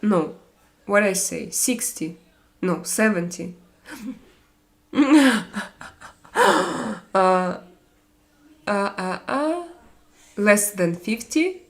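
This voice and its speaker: A woman from Russia with a Russian accent, hosting a live stream and chatting with viewers, halting with many fillers and restarts. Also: mid-range voice, animated. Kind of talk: casual chat reading viewer comments.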